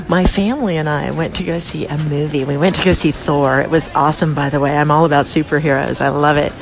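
A woman's voice: fairly low pitch, creaky. Chatty woman host telling a story. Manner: animated, laughs often while telling. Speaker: podcast host. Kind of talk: casual storytelling monologue. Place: busy airport.

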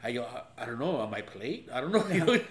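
A man's voice: mid-range voice, very animated, quick pace. A man telling profane stories in a casual chat, laughing often. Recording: echoey room with faint hum.

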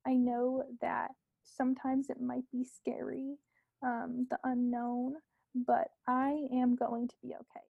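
A young woman, a podcast guest, talking casually and earnestly about herself, with many fillers and soft asides. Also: high voice, completely flat delivery, slow pace, creaky, dry recording, phone-quality sound.

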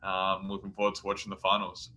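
Brief: male guest, low, flat delivery, very bright tone, laid-back. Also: quick pace. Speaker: guest, professional basketball player. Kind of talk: casual interview answers.

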